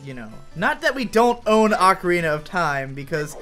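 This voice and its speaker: A man's voice: sits high, sing-song, moderate pace. Rambling, profane young man over game music. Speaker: let's play co-host. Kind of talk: casual gaming commentary. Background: video game music.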